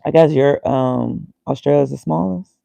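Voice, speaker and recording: A man's voice: medium pitch, normal speed, gravelly, warm tone, no echo, rough recording. A man casually thinking aloud as he reads, muttering and reacting to himself. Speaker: vlogger.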